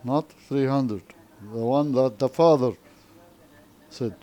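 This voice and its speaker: A man with an Arabic accent teaching an English lesson, speaking slowly and checking understanding with repeated questions. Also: mid-range voice, mellow. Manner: slow, repetitive, frequent questioning tags. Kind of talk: classroom lesson explanation.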